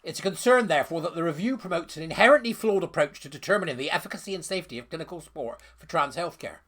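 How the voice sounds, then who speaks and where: A man's voice: fairly high pitch, lively intonation, rapid-fire, a bit bright. A man giving scornful, sarcastic ranting commentary while reading out a letter.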